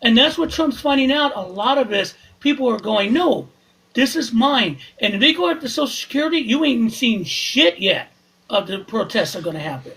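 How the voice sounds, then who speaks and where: Panelist, man, high bright husky voice, animated and indignant. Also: moderate pace, poor audio. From Southern California. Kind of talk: casual live podcast talk.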